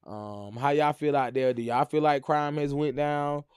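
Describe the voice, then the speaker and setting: Guy co-hosting a chill podcast, kinda high voice, dry close sound, jokey. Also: fairly even intonation, moderate pace, darkish tone, clear, resonant tone, dry recording. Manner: loose and joking, breaks into shrieks and laughs. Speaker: podcast co-host. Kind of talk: casual chat.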